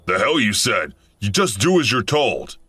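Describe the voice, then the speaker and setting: A man's voice: on the low side, big pitch swings, normal speed, pushed and bright, slightly rough, no room sound, heavily acted. A man voicing a menacing armed robber boss who barks contemptuous orders in a storytelling video. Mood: gruff.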